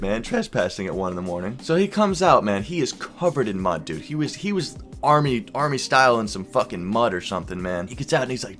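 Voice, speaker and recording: A young man vlogging, casually telling a wild night's story with lots of swearing and animated quoted voices. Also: mid-range voice, a little fast, few pauses, soft background music. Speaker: YouTuber.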